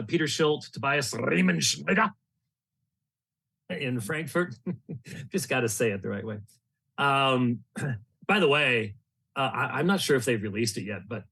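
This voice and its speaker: A man in the middle of the usual pitch range, speaking casually as a ministry host. He rambles through fond anecdotes about old friends and lets out small chuckles between the stories. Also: a bit bright. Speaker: ministry leader and podcast host. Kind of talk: casual reminiscing monologue.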